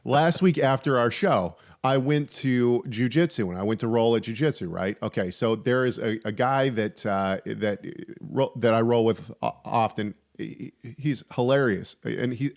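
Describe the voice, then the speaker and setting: A man's voice: mid-range voice, normal speed, creaky, hardly any pauses, a little mellow. A man hosting a podcast, discussing theology casually with frequent restarts and wry humor. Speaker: podcast host.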